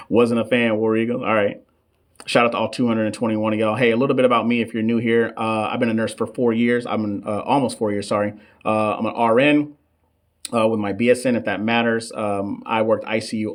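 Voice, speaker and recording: A man, running a casual live-stream teaching session for nursing students and reading shout-outs from the chat. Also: on the low side. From United States. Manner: chatty, reads chat shout-outs, stumbles over long terms. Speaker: nurse coach hosting a live question session. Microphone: desk microphone.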